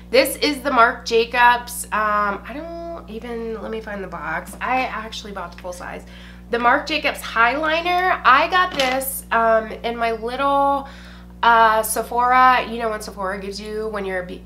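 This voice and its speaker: A woman's voice: a little high, pushed and bright, slight background noise. A young woman, chatting casually and gushing as she reviews beauty products at home, saying "y'all" and swearing lightly. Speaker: beauty vlogger. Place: indoors at home.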